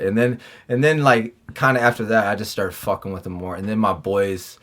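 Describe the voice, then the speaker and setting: A former prisoner, guesting on a podcast, tells stories of his time locked up in a loose, profane, casual interview. His voice is lowish, steady, brisk and slightly bright, and he stumbles through restarts and fillers while acting out his own and others' lines as quoted back-and-forth.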